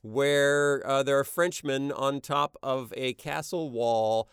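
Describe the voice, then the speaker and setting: Middle-aged man, smooth tone, dry close sound, animated casual storyteller. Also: medium pitch, slow, dry recording. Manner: animated, slips into character voices while telling stories. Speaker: animation creator being interviewed.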